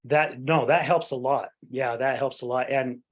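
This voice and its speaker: A man hosting a podcast about recovery, with a middle-pitched voice. He talks earnestly and at length, checking in with his guest as he goes. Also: steady tone, moderate pace. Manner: earnest, talkative, often adds "right?". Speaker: podcast host. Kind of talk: podcast interview.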